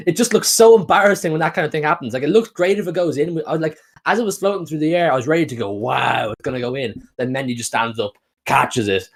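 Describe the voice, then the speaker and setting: Fast, excitable football fan man. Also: a little high. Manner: excitable, reads chat messages aloud. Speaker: watch-along host. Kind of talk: live football watch-along commentary.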